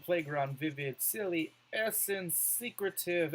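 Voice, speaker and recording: A man talking through a game as a let's play, reading words off the screen and musing over which to pick. His pitch jumps around a lot, and his tone is bright and forward. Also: very animated, normal speed, few pauses, rough recording. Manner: reads on-screen words aloud, muses over choices.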